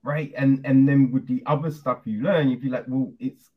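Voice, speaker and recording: A man with a husky, slightly breathy voice chats loosely through an interview, leaning on fillers as he talks. The sound is dull and lo-fi. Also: mid-range voice, steady tone, moderate pace. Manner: loose and chatty, many fillers. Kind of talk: casual interview chat.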